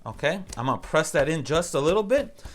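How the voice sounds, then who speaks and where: A man's voice: fairly high pitch, sing-song, a little fast. A man hosting a casual cooking demonstration, talking in an easygoing, instructive and encouraging way. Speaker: cooking show host.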